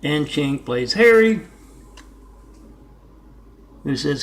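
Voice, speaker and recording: A man's voice: a little high, big pitch swings, takes it slowly, long pauses, slight background noise. A man talking casually on his art vlog, rambling between stories and repeatedly spelling out his web addresses. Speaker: artist vlogger.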